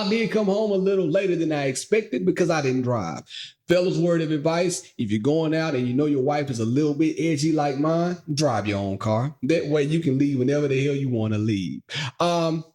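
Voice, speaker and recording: A man co-hosting a podcast in casual chat, telling stories playfully, laughing often and speaking straight to listeners. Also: a little high. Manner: playful, animated storytelling with frequent laughs; addresses listeners directly. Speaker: podcast co-host.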